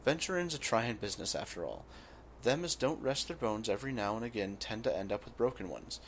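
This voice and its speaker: A man voicing a gruff, blustering old male guild boss, reading game dialogue aloud. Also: mid-range voice, expressive, fairly quick, slight background noise, lightly acted. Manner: reads in a rough dockside voice, drops it partway.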